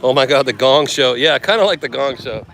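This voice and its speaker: A man's voice: mid-range voice, lively intonation, fairly quick, a bit bright, a little hiss or hum, low-quality recording. A man walking through a seaside town outdoors, chatting casually and joking for his travel vlog. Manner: joking, chatty, thinking aloud. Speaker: travel vlogger.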